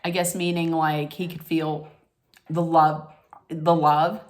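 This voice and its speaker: Recapping a reality show in her vlog, a woman rants casually, blunt and emphatic, cursing freely and leaning on lots of fillers. Her voice is low, her tone level, and she speaks slowly.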